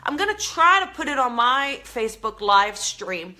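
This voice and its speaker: A woman with a New Jersey accent hosts a casual live-streamed talk, chatty and earnest. Her voice sits a little high and sounds bright and forward. She talks with plenty of fillers and restarts. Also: big pitch swings, moderate pace. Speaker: spiritual show host. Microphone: live stream camera mic.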